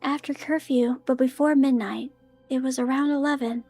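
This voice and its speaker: Creepy twin girls in a flat monotone, fairly high, read by a woman. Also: moderate pace, faint music behind. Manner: plain monotone voice.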